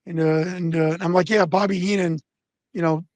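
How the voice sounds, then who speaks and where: A middle-aged man telling a profane, animated backstage story in casual conversation. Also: high-pitched, normal speed, no room sound. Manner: profane, animated anecdotes with quoted voices. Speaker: guest storyteller.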